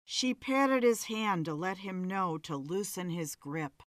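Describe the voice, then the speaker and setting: A woman narrating a story in a measured, dramatic reading. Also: fairly low pitch, expressive, no room sound.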